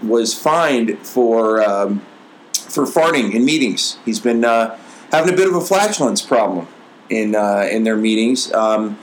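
A man's voice: lowish voice, lively intonation, unhurried, slight background noise, rough recording. A man hosting a casual sports podcast, rambling and crude, with lots of fillers and restarts. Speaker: podcast host.

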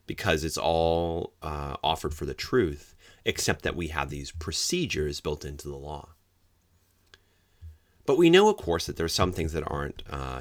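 A middle-aged man teaches police officers about hearsay in a lecture. His voice sits extremely low and has a gravelly fry. He explains patiently and breaks into loud, acted-out quotes, recorded dry and close. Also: no echo. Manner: explanatory, acts out quoted examples with sudden loud outbursts. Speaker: legal trainer for law enforcement.

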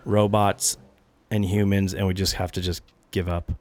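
A man's voice: sits low, flat delivery, normal speed, darkish tone. A man in casual podcast chat, talking loosely with lots of swearing and restarts. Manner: loose, profane, rambling with restarts. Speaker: podcast co-host.

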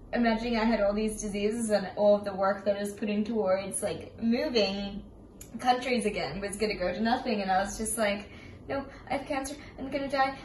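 A woman's voice: medium pitch, recorded from a distance. A young woman talks casually as a podcast co-host, winding reflectively through her stories. Her voice sits back from the mic in an echoey room, over a faint hum of noise. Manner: reflective, rambling storyteller. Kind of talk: casual chat.

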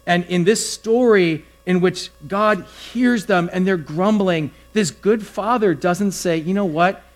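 A man's voice: high-pitched, takes it slowly. Conversational male pastor preaching. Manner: conversational, animated storytelling with acted-out quotes. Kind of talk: sermon.

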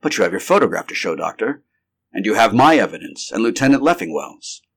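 A man doing a quick, questioning agent. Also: on the low side, big pitch swings, vocal fry, full character voice.

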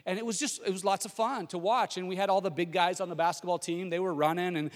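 A middle-aged pastor with a high voice delivers a sermon through a personal story. He tells it in a lively way and often stumbles and restarts his sentences. His voice carries a long reverb from a large hall. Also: fast.

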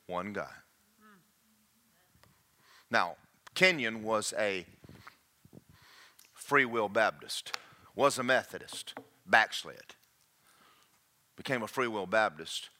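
A man's voice: fairly low pitch, takes it slowly, pauses often. A man preaching a sermon to a congregation, joking and checking in with the room. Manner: animated, jokey, checks in with the congregation.

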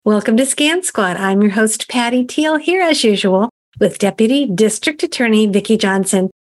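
A woman's voice: a little high, animated, moderate pace. A woman hosting a talk segment, asking conversational, sympathetic questions of her guest. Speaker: host.

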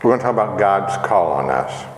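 Conversational preacher in an echoey hall. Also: male voice, sits low, animated, brisk. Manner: conversational, reflective, asks the audience questions. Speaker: pastor. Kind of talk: sermon. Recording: echoey hall with long reverb.

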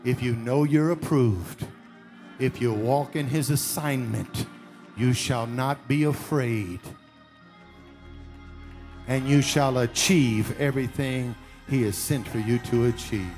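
A man's voice: medium pitch, takes it slowly. A male pastor, preaching an emphatic sermon and leading the congregation in call-and-response. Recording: preaching over loud music.

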